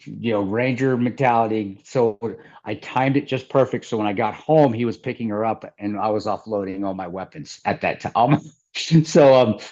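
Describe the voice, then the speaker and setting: A man's voice: fairly low pitch, normal speed, darkish tone. Rambling middle-aged man, lo-fi sound. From American Midwest. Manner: rambling with restarts and laughter. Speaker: interview guest. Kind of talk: casual storytelling.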